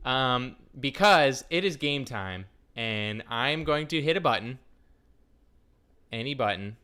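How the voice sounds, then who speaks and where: A man hosting a live stream in a bright, forceful voice, bantering loosely with his chat. He jumps from thought to thought with playful jokes. His delivery is smooth and crisp. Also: mid-range voice. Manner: scattered, jokey, talks straight to the chat. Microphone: desk microphone.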